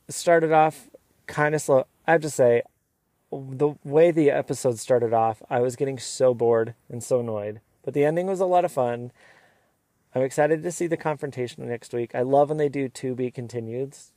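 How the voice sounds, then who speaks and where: A man hosting a casual, opinionated recap of a reality show, sometimes mimicking the cast in quick asides. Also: mid-range voice, warm tone, no room sound. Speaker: recap host.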